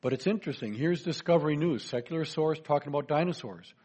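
A man's voice: a little high, fast, a little mellow, slightly rough. A man giving a chatty presentation lecture, joking with his audience. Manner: chatty, folksy, jokes to the audience.

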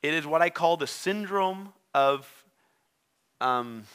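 Non-native english preacher guy, higher voice, acts out the stories as he preaches. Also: slow, clear, resonant tone. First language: not English. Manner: animated storytelling, acting out characters. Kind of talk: sermon.

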